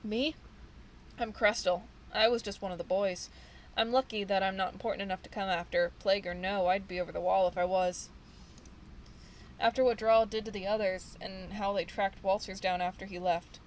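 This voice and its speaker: Woman voicing a jittery young street thug who fled his gang, talking in rambling slang with hesitant restarts, at a middling pitch. The read stays close to her plain speaking voice, with a faint hum of ambience underneath. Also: steady tone, normal speed, close to an everyday voice, poor audio. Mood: scared. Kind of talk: reading game dialogue aloud.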